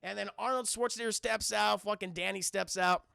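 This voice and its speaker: Gravelly, bright-voiced man recapping a film. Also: high-pitched, steady tone, brisk, no room sound, clean studio sound. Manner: rambling, profane, keeps addressing chat. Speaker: film reviewer streaming to chat. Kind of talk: casual scene-by-scene recap.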